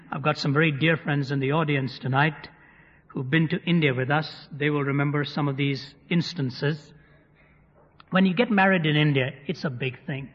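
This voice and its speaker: A man preaching to a live audience, telling stories vividly with touches of humor. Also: on the high side. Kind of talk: sermon storytelling. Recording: dull recording in a reverberant hall.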